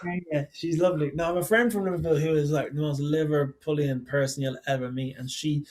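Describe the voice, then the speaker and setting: A young man in his twenties chatting on a podcast, rambling and stacking fillers as he goes. His voice sits slightly higher than most men's. He downplays himself easily. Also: steady tone, fast talker, few pauses. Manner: rambling, filler-heavy, self-deprecating. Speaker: podcast guest, songwriter. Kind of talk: casual podcast chat.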